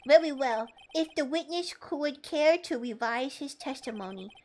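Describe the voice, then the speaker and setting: A woman's voice: high-pitched, lively intonation, normal speed, darkish tone, slight background noise. A woman voicing a stern, formal older male judge in a courtroom video game.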